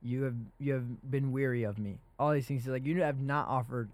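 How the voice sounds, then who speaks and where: A man's voice: medium pitch, fairly even intonation, normal speed, darkish tone, no room sound. A young man hosting a casual faith podcast, talking earnestly and animatedly about scripture. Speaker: podcast host.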